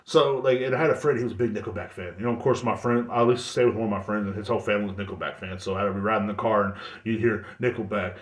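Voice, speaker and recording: A man's voice: fairly low pitch, fairly even intonation, very fast, hardly any pauses. A man in his thirties hosting a podcast, rambling bluntly in casual monologue and swearing freely. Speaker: podcast host. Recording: echoey room.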